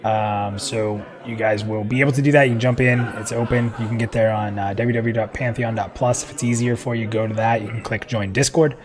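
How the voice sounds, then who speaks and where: A man's voice: fairly low pitch, steady tone, a little fast, hardly any pauses, a crowd in the background. A man hosting a live stream show in casual chat, joking and chatty, laughing often.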